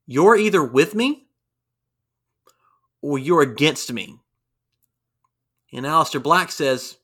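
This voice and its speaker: Bright-voiced man chatting about wrestling. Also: a little high, takes it slowly, long pauses. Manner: animated, acts out quotes in raised voices. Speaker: podcast co-host. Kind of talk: casual wrestling review chat.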